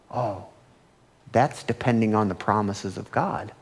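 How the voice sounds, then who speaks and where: Pastor, male, conversational sermon delivery with questions to the congregation, lively dynamics, long church reverb. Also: on the low side, a little slow, vocal fry, slightly rough. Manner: conversational preaching with rhetorical questions; animated, swings between loud and hushed. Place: church sanctuary.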